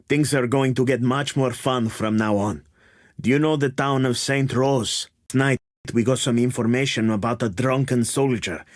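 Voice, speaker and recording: A man voicing a brisk, dismissive colonial officer who hands out tasks and drops Spanish words, recorded as dry studio takes. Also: medium pitch, dry recording, lightly acted. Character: curt busy male colonial officer giving pirate tasks. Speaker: game voice actor. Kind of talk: video game voice-over takes.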